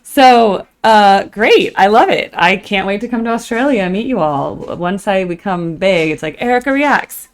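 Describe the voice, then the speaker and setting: A woman's voice: mid-range voice, animated, moderate pace, few pauses. An American woman hosting a music reaction video, rambling in casual chat with frequent fillers. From United States. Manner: sings snatches of songs. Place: at home in the morning.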